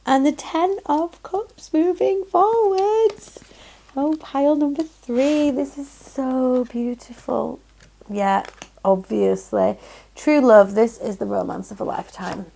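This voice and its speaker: A woman's voice: medium pitch, creaky, mellow. A woman with a Yorkshire accent giving a chatty, effusive pick-a-card tarot reading, full of "um"s and exclamations of delight. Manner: chatty and effusive, frequent "um"s and "lovely". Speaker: tarot reader.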